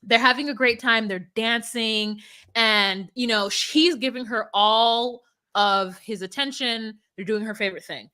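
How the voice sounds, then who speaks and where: A woman co-hosting a casual podcast, animated and swearing freely, mimicking people in a mocking voice. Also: on the high side, a little slow. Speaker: podcast co-host recapping a reality show. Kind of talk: casual chat.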